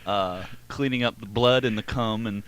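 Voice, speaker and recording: A man's voice: on the low side, normal speed, a bit bright. A man hosting a casual podcast, prompting his guest with easygoing, filler-heavy questions. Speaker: podcast host. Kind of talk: casual chat, interviewing a guest.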